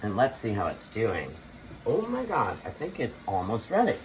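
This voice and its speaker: A woman's voice: a bass voice, huge pitch swings, moderate pace, darkish tone, a little hiss or hum. An older woman hosting a casual home cooking demonstration, playful and theatrical, joking about her own skills. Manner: playful, theatrical, self-mocking boasts. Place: home kitchen.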